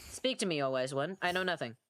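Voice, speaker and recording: Her voice sits low, a bit bright and animated, and she talks at a quick pace. An artist streaming while she draws, she keeps up rambling, self-mocking casual chat with free swearing and a tired sound.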